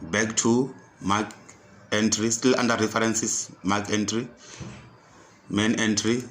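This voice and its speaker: A man tutoring computer skills, walking through a software task step by step and repeating each instruction. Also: fairly low pitch, little pitch movement, slow, slight background noise. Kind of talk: screen-recorded software tutorial.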